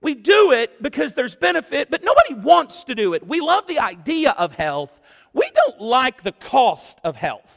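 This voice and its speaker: A man preaching a sermon as pastor, animated and exclamatory, acting out what people say. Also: extremely high pitch, moderate pace, gravelly. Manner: animated, exclamatory, acts out quotes. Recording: long church-hall reverb.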